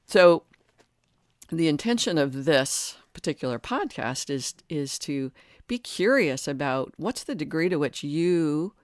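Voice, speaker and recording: A woman's voice: low voice, no room sound, studio quality. A woman hosting a solo podcast, thinking aloud earnestly with many restarts and fillers. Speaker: podcast host and coach. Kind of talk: reflective solo podcast talk.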